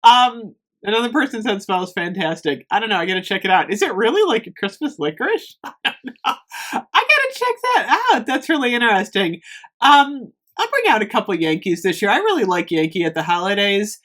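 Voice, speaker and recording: A woman's voice: medium pitch, very animated, brisk, fairly bright tone. A woman chatting casually in a product review vlog, rambling with frequent ums as she talks to the camera. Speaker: candle review vlogger.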